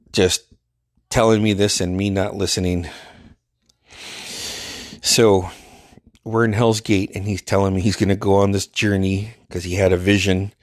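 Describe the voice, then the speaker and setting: A man's voice: low voice, dry recording, studio quality. A man casually telling a profane, exasperated story and acting out what people said. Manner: profane, exasperated, acts out quotes.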